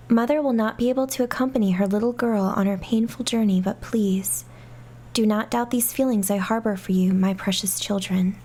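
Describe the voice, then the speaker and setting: A woman's voice: medium pitch, dark tone, close to an everyday voice. A woman voicing a dying, remorseful mother reading her letter aloud in a solemn, grave way.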